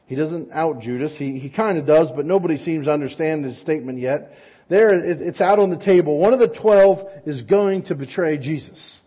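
Husky, conversational male preacher, lo-fi sound. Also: a little high, normal speed. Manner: conversational, relatable, with frequent "right?" asides. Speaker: pastor. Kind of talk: sermon.

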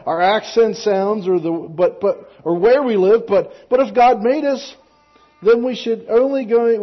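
A man's voice: high voice, muffled recording. A pastor in a church giving a casual children's sermon, asking the kids questions as he goes. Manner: casual, conversational, with rhetorical tag questions.

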